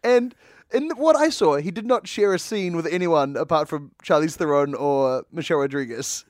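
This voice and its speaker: A man's voice: fairly high pitch, expressive, moderate pace, darkish tone, no room sound, studio quality. A man co-hosting a casual movie podcast, joking and laughing often. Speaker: podcast co-host.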